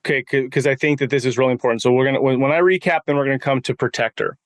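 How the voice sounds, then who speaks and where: A man's voice: medium pitch, fairly even intonation, very fast, dry recording, clean studio sound. A man hosting a podcast conversation, earnest and emphatic as he recaps what his guest said. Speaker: podcast host.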